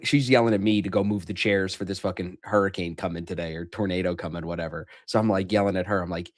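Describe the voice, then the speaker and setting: A man's voice: low voice, fairly even intonation, fast. Laid-back man hosting a trading stream. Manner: loose, joking, swears casually. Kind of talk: casual livestream chat.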